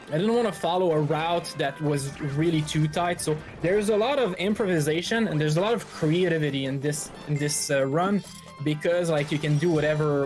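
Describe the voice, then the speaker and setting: A speedrunner giving relaxed, filler-heavy live commentary while playing, a little out of breath. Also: mid-range voice. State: slightly out of breath.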